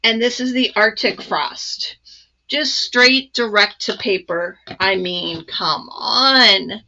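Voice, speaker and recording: A woman hosting a casual live crafting demo, chatty and excited, with many ums and asides. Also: mid-range voice, slow, muffled recording. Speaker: crafting channel host.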